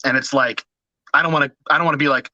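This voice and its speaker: A man's voice: medium pitch, fairly even intonation, quick pace, sharp tone, no room sound, highs cut off. A man hosting a casual podcast, telling self-deprecating stories with lots of jokes and laughter. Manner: self-deprecating, joking storyteller. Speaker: podcast host.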